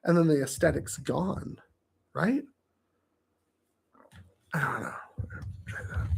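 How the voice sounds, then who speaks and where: A man hosting his own vlog, chatting casually on camera into a studio microphone on a stand, jokey and self-amused, with sudden loud exclamations. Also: fairly high pitch, husky. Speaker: show host.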